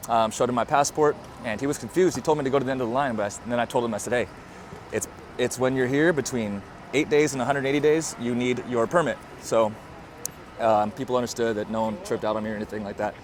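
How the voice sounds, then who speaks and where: A man from the United States talking casually to his vlog camera outdoors at a border crossing, slangy and relaxed, with lots of "bro" and "dude". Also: mid-range voice, fast talker, a little hiss or hum. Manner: slangy and laid-back, peppered with bro and dude. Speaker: vlogger. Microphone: handheld microphone.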